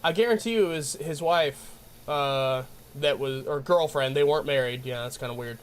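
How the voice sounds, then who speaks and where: A man's voice: mid-range voice, normal speed. A man streaming and chatting with his viewers, ranting in a rambling way with lots of restarts. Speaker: game streamer. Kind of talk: casual chat with stream viewers.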